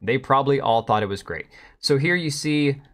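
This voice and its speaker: A man streams casually, sounding animated with a fairly bright, mid-range voice at normal speed. He sneers at clips with sarcastic remarks while chatting to viewers and his cat.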